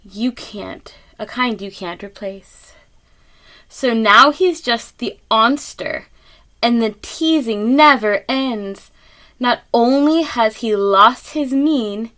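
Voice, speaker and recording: A woman reads a picture book aloud to children in a gentle, expressive way. She gasps at the pictures and breaks off for little asides to her listeners, in a fairly high voice at an unhurried pace. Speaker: read-aloud reader.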